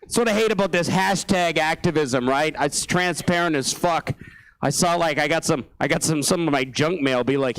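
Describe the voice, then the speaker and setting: A man's voice: fairly high pitch, normal speed, a bit bright, poor audio. A man doing a stand-up set on a small theatre stage, ranting angrily, swearing a lot and laughing at his own jokes. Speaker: stand-up comedian.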